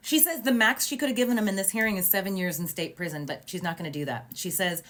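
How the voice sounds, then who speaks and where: A woman recounting events in an animated, indignant storytime style, with sarcastic asides. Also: mid-range voice, fast, few pauses. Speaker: vlogger recounting a court case. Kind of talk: storytime narration.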